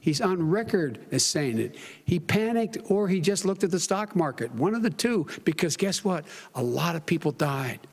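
A man's voice: on the high side, expressive, moderate pace, gravelly, hardly any pauses, breathy edge. An older man in a televised debate, speaking with passion, repeating himself and talking over others. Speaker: debate candidate.

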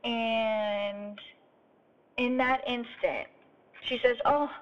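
A woman's voice: on the high side, steady tone, takes it slowly. A woman hosting a podcast, telling an earnest, heartfelt story in a voice note recorded while driving. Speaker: podcast host and coach. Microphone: phone voice note. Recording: dull lo-fi phone memo with faint road noise. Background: faint driving sounds.

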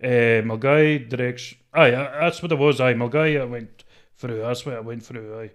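A Scottish man with a deep, strong voice, talking shyly and hesitantly as an interview guest, with many fillers. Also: normal speed. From Scotland. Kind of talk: casual interview.

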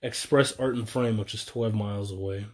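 Loud swearing young man, echoey room. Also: on the low side, steady tone, moderate pace. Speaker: podcast co-host. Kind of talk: rowdy casual chat.

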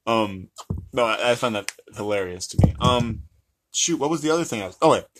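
A man's voice: medium pitch, lively intonation, brisk, heavy background noise. Playful, rambling young man chatting. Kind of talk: casual chat.

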